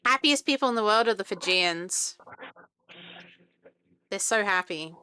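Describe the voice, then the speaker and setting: A woman's voice: medium pitch, lively intonation, measured pace, bright, forceful tone. A woman streamer from New Zealand chatting casually and teasing, with a faint Kiwi-Australian accent. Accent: New Zealand, Australian-tinged. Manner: chatty, laughs often, teasing.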